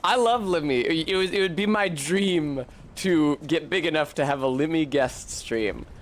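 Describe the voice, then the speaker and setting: A man's voice: fairly high pitch, normal speed, a little hiss or hum. A man streaming a video game, giving casual, profane commentary, talking back to the game and to his chat.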